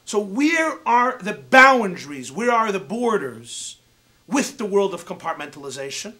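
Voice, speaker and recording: A male rabbi lectures with a high, ringing voice that climbs and dips all over the place. He tells his story theatrically and plays out every exchange. His tone stays bright and forceful throughout. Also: a little slow. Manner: animated and theatrical, acts out dialogue. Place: university lecture event.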